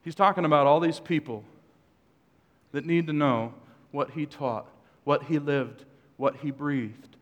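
A man's voice: a little high, measured pace, muffled recording. A male pastor preaching a sermon in a church, conversational, with joking asides to the congregation. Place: church sanctuary. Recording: long hall reverb.

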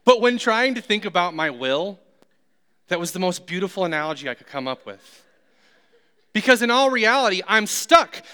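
A man's voice: high-pitched, expressive, moderate pace, long pauses, pushed and bright, smooth. A man preaching a sermon who tells humorous, self-deprecating stories. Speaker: pastor.

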